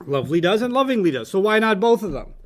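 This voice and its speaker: A man's voice: high voice, very animated. Playful, teasing male teacher. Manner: playful, teasing, quick to laugh. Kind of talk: classroom lesson with students.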